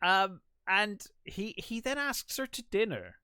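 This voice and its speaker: A man talking through a movie on a podcast, his pitch rising and falling a lot as he retells scenes. The sound is dry and close, with no room echo. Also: very animated, slow pace, pushed and bright, clear, resonant tone. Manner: retells scenes with quoted voices, many fillers. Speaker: podcast co-host. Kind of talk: casual film discussion.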